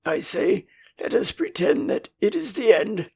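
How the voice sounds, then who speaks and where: A man's voice: high-pitched, big pitch swings, unhurried, creaky, darkish tone, slightly rough, voice pushed up, full character voice. An older man with an English accent voicing a gloomy young boy in an audiobook. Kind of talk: audiobook character voice.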